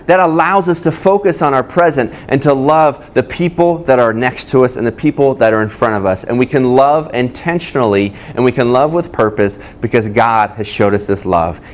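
A male pastor preaching to his congregation in a plain, conversational way. His voice sits at an ordinary middle pitch, and he speaks straight to the people in front of him and to those watching online. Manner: conversational, addresses listeners directly. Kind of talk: sermon. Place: church service, streamed online.

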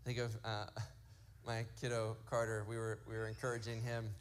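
A man's voice: fairly low pitch, monotone, smooth. A man in his thirties preaching a sermon, telling family stories and acting out what kids say. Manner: storytelling, acts out quotes from kids; slow emphatic lists. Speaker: pastor.

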